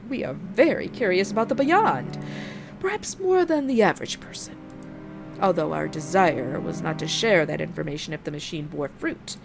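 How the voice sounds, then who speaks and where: A woman reading a polite Victorian gentleman. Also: fairly low pitch, expressive, gravelly, voice pushed down. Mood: earnest. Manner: reading game dialogue aloud, measured. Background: game music.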